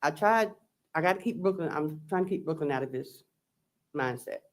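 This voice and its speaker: A woman on the witness stand in a courtroom. She talks slowly with many restarts, reading text messages back in a plain, halting voice. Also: sits low, animated. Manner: slow, halting, recounting texts aloud. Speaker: trial witness, defendant. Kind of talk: courtroom testimony.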